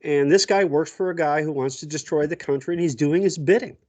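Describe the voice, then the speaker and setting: A man's voice: fairly high pitch, a little fast, darkish tone. A man co-hosting a casual political chat, blunt and indignant, cursing freely. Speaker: co-host.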